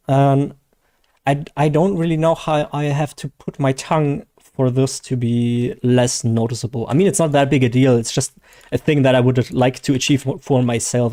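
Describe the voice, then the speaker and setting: A man's voice: mid-range voice, warm tone. A man with a German accent chatting casually and rambling to viewers on a live game stream, his first language German. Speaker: gaming streamer.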